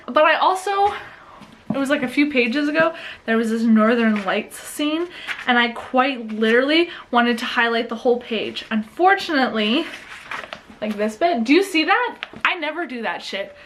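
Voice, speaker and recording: A woman's voice: a little high, a bit bright, slight background noise. A young woman talking casually in a home reading vlog, gushing about a book and swearing freely. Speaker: book vlogger. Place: home bedroom.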